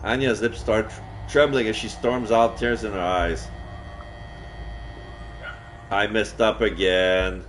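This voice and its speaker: A man streaming a solo roleplay game, narrating in first person and breaking off with excited, swearing outbursts. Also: on the low side, takes it slowly, pauses often, soft background music.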